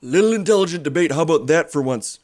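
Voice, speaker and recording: A man voicing a pompous former small-town mayor who talks in a measured, debate-minded way. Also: a little high, animated, a little mellow, pitched above the performer's own voice, close to an everyday voice. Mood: prim. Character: prim self-styled reasonable male ex-mayor.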